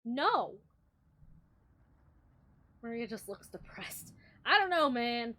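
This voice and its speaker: A young adult woman streamer reading game text aloud and reacting in a casual, excitable, profane, mock-indignant way. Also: on the high side, takes it slowly.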